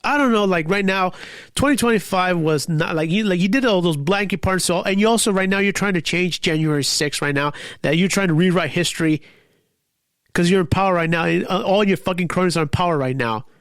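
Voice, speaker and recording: A man's voice: sits high, brisk, fairly bright tone, dry recording, studio quality. Furious, foul-mouthed man ranting. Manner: profane, heated, rambling with restarts. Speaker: podcast host. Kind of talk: angry political rant.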